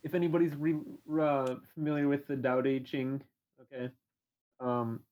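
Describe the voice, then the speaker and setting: A man's voice: mid-range voice, steady tone, normal speed, highs cut off. A man co-hosting a podcast, talking in a hesitant casual chat full of uhs and ums. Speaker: podcast co-host.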